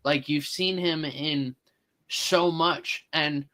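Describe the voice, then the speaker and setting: Bright-voiced man analyzing films. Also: a little high, steady tone, takes it slowly, low-quality recording. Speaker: podcast co-host. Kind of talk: casual movie discussion.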